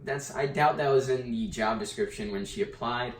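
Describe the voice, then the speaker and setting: A man with a medium-pitched voice at a normal speed gives a casual lecture summarizing a textbook chapter, using fillers and restarts. The mic is at a distance in an echoey room.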